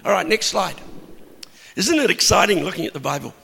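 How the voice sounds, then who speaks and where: A man preaching a sermon, telling a Bible story with animated, emphatic peaks. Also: high voice, a little fast, vocal fry, a little hiss or hum. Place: church hall. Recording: long hall reverb.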